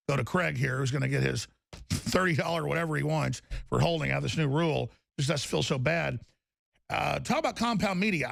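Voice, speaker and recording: A man hosting a live call-in talk show, talking in a rambling, excitable way that jumps from topic to topic. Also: a little high, gravelly, no echo, studio quality. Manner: rambling, excitable, fast-shifting delivery.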